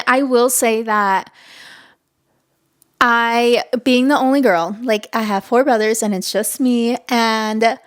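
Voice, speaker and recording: A woman in her twenties hosting a podcast solo, telling a personal story in a gushing, chatty way, full of "like" fillers and easily moved to giggles. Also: fairly high pitch. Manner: often emotional and giggly. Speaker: podcast host.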